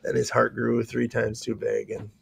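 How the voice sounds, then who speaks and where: A middle-aged county sheriff with an Upper Midwest American accent co-hosts a casual talk show, chatting in upbeat, rambling bursts that often restart mid-sentence. His medium-pitched voice is gravelly and breathy at the edges, completely flat in delivery, at normal speed, in a dry recording.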